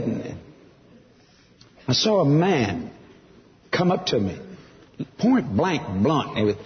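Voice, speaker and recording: A man's voice: fairly high pitch, big-room sound, dull audio. A man giving a testimony sermon, telling his story with animation and acting out the other voices. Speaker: preacher.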